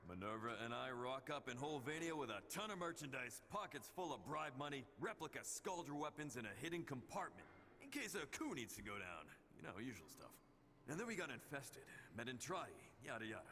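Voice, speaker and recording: A man's voice: mid-range voice, very animated, brisk, sharp tone. An actor playing an easygoing male spy posing as a corporate sales rep, chatting in a breezy way. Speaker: game character. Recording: game audio with long reverb and faint ambience.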